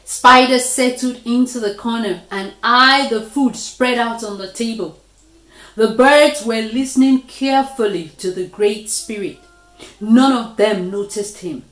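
Woman storybook reader, slow and sing-song, fairly high voice, roomy echo. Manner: lively, slow, expressive reading. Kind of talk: reading a children's story aloud. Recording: echoey room.

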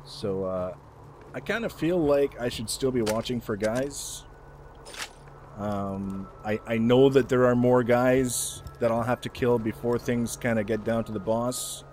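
A man's voice: mid-range voice, unhurried, a little mellow, a little hiss or hum. Wry man narrating his gameplay. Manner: wry, joking asides while playing. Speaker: gameplay commentator. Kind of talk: casual let's-play commentary.

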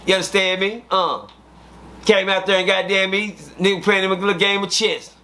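A man from Midland, telling casual stories as an interview guest, animated and full of fillers. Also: high voice, moderate pace. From Midland, Texas. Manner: animated, repetitive fillers, acts out quotes. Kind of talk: casual storytelling.

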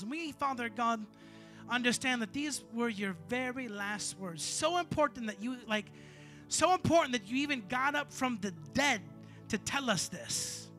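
A man preaching a sermon, telling a story with animated, sometimes shouted delivery. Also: extremely high pitch. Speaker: bishop preaching.

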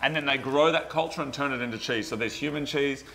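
Bright-voiced man bantering. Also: medium pitch, fast, creaky. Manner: animated, jokey, rambling with restarts. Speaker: co-host. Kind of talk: casual banter.

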